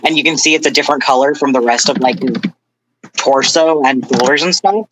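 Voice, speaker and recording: A woman's voice: rumbling low, brisk, a bit bright, low-quality recording. A woman player in a tabletop game, talking casually and rambling with self-corrections. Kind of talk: casual chat.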